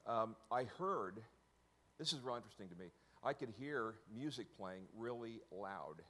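A man's voice: lowish voice, lively intonation, normal speed, fairly bright tone. A middle-aged man telling his personal story to an audience, often stopping to correct himself and slipping in joking asides.

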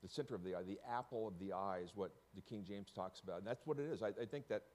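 A man's voice: fairly low pitch, fast talker, a little mellow. A middle-aged man telling his personal story to an audience, often stopping to correct himself and slipping in joking asides.

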